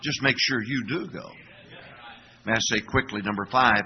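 An older man preaching a sermon as pastor, asking the congregation to call back answers and breaking into shouts. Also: mid-range voice, normal speed, long pauses, muffled recording. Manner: animated preaching with call-and-response questions; sudden shouting bursts.

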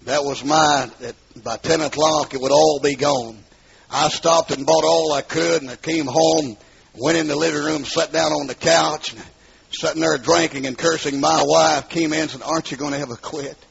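A middle-aged man telling his testimony as a sermon, in an emphatic storytelling style that rises into shouts, on a dull lo-fi recording. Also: fairly high pitch, fairly even intonation, normal speed, creaky. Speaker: preacher giving testimony.

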